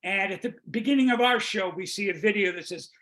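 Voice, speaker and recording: An older man guesting on a video-call interview, telling rambling comic stories about a show he wrote, with restarts and quick jokes. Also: high-pitched, sharp tone. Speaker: guest, comedy songwriter. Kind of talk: casual interview chat.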